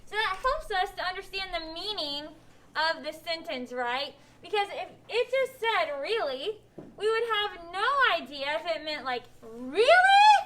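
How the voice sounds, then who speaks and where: A woman teaching a classroom of young children, asking expressive questions and coaxing the students to answer. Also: extremely high pitch, moderate pace, background noise. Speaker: elementary school teacher. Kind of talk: classroom instruction.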